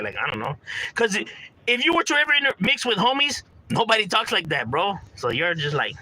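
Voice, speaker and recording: Man, casual street-slang monologue, very bright tone, pitched a bit high. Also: huge pitch swings, quick pace, rough recording. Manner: street slang, frequent "bro" and "you know", acts out quoted homies. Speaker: commentator talking about gang culture.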